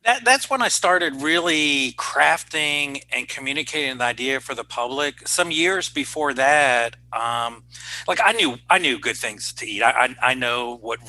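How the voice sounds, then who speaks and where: A middle-aged man with a sharp, forceful tone tells stories from his past in a casual interview. He rambles with many fillers and pokes fun at himself, his voice sitting in an ordinary middle range. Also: medium pitch, animated, measured pace, poor audio. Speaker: cardiologist and chef, guest.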